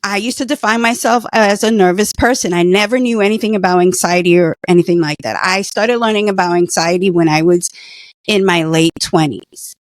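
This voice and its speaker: A woman's voice: medium pitch, a little fast, dry recording, studio quality. A middle-aged woman earnestly telling a personal story in conversation, emotional at times. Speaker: guest, former patient.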